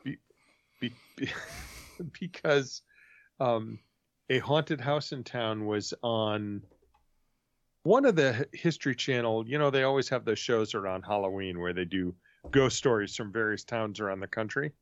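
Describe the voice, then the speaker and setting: A man's voice: lowish voice, measured pace, dry recording. A man from New England talks in a loose, joking way as he hosts a podcast chat. He often stumbles and repeats himself, and the dry recording sounds dull and muffled. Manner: joking, stammers when excited. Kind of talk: casual chat.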